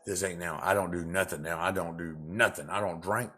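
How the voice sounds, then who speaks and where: Guy ranting angry into his camera, low voice, cussing and repeating himself. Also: steady tone, brisk, very noisy. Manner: angry, profane, repetitive, loud outbursts. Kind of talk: confrontational rant to camera.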